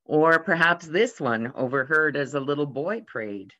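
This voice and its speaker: In a church, a pastor delivers a sermon at medium pitch, unhurried and with hardly any pauses, telling gentle, lightly humorous anecdotes. He briefly raises his voice to give the quoted characters lively voices. The recording is dull and lo-fi.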